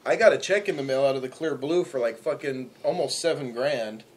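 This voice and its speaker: A man's voice: mid-range voice, fairly quick. A man co-hosting a podcast, telling funny stories casually and swearing. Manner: laughing storyteller, swearing. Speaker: podcast co-host. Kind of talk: casual chat.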